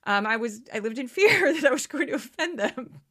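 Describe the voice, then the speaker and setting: Bright-voiced woman podcaster. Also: high-pitched, a little fast. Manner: animated, self-deprecating, laughs often. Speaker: podcast host. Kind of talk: commentary podcast.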